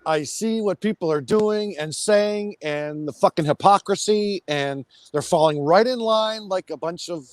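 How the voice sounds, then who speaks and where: A man's voice: high-pitched, measured pace, hardly any pauses, no room sound. A man guesting on a casual livestream, agitated and ranting angrily with constant swearing. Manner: angry, profane ranting.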